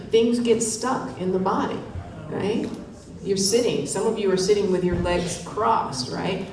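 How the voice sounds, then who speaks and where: A woman's voice: fairly low pitch, a little mellow. A woman leading a wellness workshop, coaching the room and checking in with "right?" after her points. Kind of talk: live workshop presentation. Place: conference hall. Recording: very echoey hall, distant mic, faint noise.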